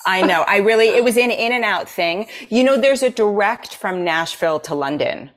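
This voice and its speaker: A woman's voice: medium pitch, lively intonation, normal speed. An American woman guest chatting enthusiastically and gushing about things she loves. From United States. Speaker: guest astrologer. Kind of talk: casual chat.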